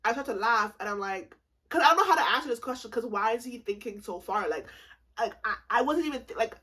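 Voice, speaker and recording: A woman in her twenties telling a comedic storytime vlog, animated and profane, acting out both sides of the conversation. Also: on the high side, fast, breathy edge. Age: 20s. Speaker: vlogger.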